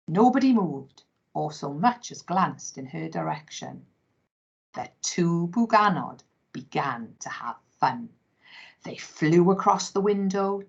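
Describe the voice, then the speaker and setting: A woman teacher reading a children's story aloud with expressive, dramatic storytelling. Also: lowish voice, gravelly, slightly rough. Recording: dull lo-fi recording.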